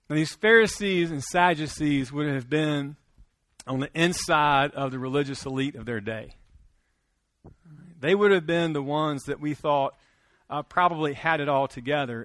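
A man's voice: on the high side, fairly bright tone, dry recording. A man preaching a sermon in a conversational way, with restarts and questions to the congregation. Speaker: pastor.

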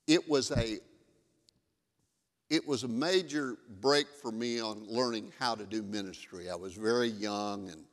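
A man's voice: fairly low pitch, fairly bright tone, long reverb tail. A male pastor giving a sermon in a conversational, storytelling way.

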